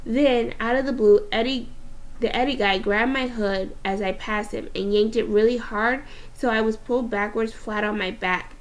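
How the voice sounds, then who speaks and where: A woman teacher reading a novel aloud, expressive and with small restarts. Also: a little high, moderate pace.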